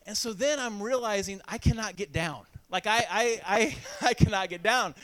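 Man from indiana, preacher, high clear voice, self-deprecating storytelling. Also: normal speed, a bit bright. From Indiana, USA. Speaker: pastor. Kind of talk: sermon with personal story.

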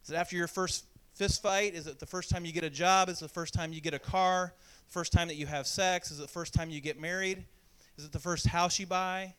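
A man's voice: fairly high pitch, a bit bright, clear, resonant tone. A man from Indiana preaching a sermon, telling a self-deprecating childhood story and acting out the voices of the people in it. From Indiana, USA. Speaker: pastor.

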